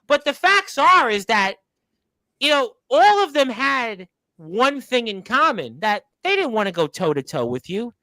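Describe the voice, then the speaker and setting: A man hosts a wrestling talk show and rambles along folksily, stumbling over repeated words. His voice sits unusually high and sounds bright and forceful. The sound is dry and close. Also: very animated, a little slow, no echo, poor audio. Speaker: radio show host.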